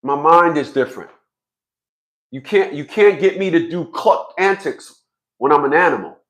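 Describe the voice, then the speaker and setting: A man's voice: a little high, lively intonation, normal speed, a bit bright. A man in his fifties giving a blunt, profane vlog monologue, stammering through repeated restarts. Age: 50s. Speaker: fathers' rights commentator.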